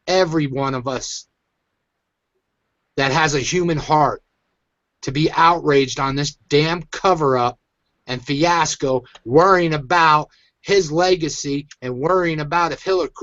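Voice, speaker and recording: A man's voice: fairly high pitch, a bit bright, dry recording, lo-fi sound. A man hosting his own online show, venting in an agitated, emphatic rant. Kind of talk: angry ranting commentary.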